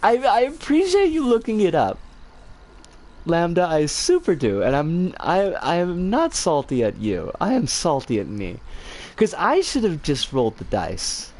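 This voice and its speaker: A woman streaming live and chatting with her viewers, her pitch leaping all over the place from high squeals down to low mutters. She talks in a rambling, self-deprecating way, exclaims often and swears freely. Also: huge pitch swings, unhurried, a little mellow. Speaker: livestreamer. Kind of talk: casual livestream chat, reacting to chat.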